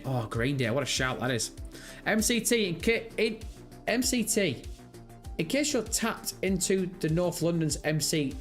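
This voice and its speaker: A young man in his twenties with a Birmingham accent, chatting casually on a live stream, rambling and swearing freely as he reads out viewer comments. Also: fairly high pitch. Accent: Birmingham English. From England. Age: 20s. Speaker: livestream host.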